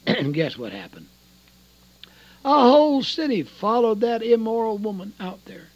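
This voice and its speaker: Dramatic high-voiced radio preacher man. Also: sing-song, unhurried, muffled recording. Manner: dramatic, swings between loud and hushed. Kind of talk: radio sermon.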